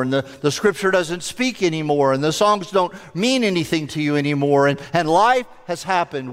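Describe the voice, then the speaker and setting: A man delivers a sermon in a high-pitched voice, earnest and building through repetition and rhetorical questions. His words ring out with a long reverb in a church sanctuary. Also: clean tone. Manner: earnest preaching with repeated phrases and rhetorical questions. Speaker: pastor.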